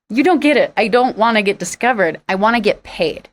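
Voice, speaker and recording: Middle-aged female singer, podcast guest, emphatic and animated raconteur. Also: a little fast. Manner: animated, acts out quoted exchanges with sharp jumps in pitch; frank and emphatic. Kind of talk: storytelling in a podcast interview.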